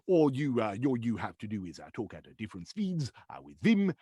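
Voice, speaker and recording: A man, a comedian and voiceover artist, doing a stand-up set of impressions over a video call, switching fast between put-on voices and laughing at his own jokes. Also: mid-range voice, huge pitch swings, mellow, slightly rough, no room sound.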